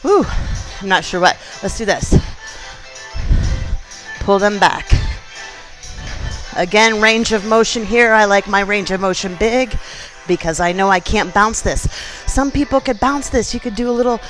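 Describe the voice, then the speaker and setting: A woman fitness instructor leading a gentle exercise class, chatty and encouraging, counting reps aloud. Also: mid-range voice, unhurried, long pauses, faint music behind, poor audio. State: out of breath at times.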